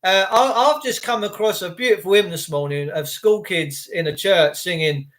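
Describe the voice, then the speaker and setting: A middle-aged man with a high voice hosts a casual livestream at a moderate pace, reacting sarcastically to footage and chatting with viewers. He is excitable and sarcastic, calling his viewers "mate."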